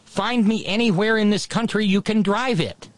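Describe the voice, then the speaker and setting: A man's voice: high-pitched, moderate pace, no echo. Wry storytelling man, dry close sound. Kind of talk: casual political chat.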